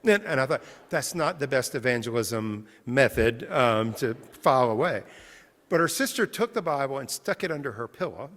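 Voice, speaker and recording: A man's voice: medium pitch, lively intonation, normal speed, fairly bright tone, big-room sound. A male pastor giving a sermon, telling stories conversationally and retelling his interviews. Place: large church sanctuary.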